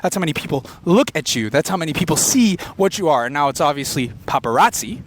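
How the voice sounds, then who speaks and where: A man doing an unfiltered stream-of-consciousness comedy monologue, rambling and fast-talking with quick tangents. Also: on the high side, expressive, noisy background. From Filipino heritage. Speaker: comedian podcaster. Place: beach location outdoors.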